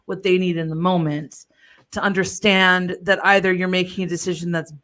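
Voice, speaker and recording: Woman podcast co-host, slightly low voice, reflective and conversational. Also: little pitch movement, normal speed, fairly bright tone. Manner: reflective, thinks aloud with restarts. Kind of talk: casual interview chat.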